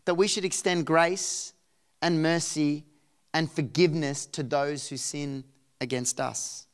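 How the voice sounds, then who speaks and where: Pastor guy preaching, goes quiet then punchy, clear resonant voice. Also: a little slow. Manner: expressive preaching, swings from soft and low to raised and emphatic. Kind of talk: sermon.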